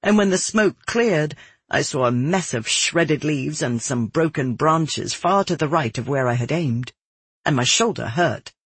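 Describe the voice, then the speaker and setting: A man reads a first-person adventure story aloud in a steady, descriptive manner. His voice is husky and sits a little high for a man. The sound is dry and close. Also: measured pace, no echo. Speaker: audiobook narrator. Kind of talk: scripted first-person narration.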